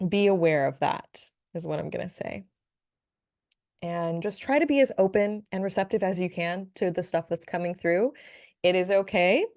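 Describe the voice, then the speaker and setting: A woman's voice: fairly low pitch, a little mellow, no room sound, studio quality. A woman hosting a solo spiritual podcast, talking in a chatty, playful way with frequent giggles and asides. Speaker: podcast host, spiritual reader.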